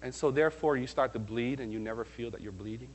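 A man preaching a sermon in a lively, conversational way, often asking his listeners questions. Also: medium pitch, quick pace, a little hiss or hum. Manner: animated, conversational, asks the congregation questions. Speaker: pastor.

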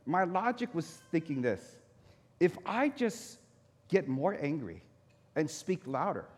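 A pastor tells a personal story during a sermon, animatedly acting out his own reactions, including his anger. His voice is on the high side and he takes it slowly, with echoey hall reverb around him.

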